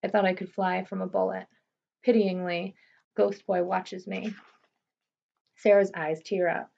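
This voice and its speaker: A woman reading a first-person novel aloud in a steady, understated way. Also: mid-range voice, measured pace, creaky. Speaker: audiobook reader. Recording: slightly muffled recording.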